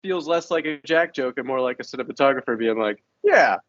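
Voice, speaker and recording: A man's voice: medium pitch, quick pace, fairly bright tone, highs cut off. A man co-hosting a podcast in casual chat, amused and often laughing. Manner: amused, laughing between remarks. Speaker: podcast co-host.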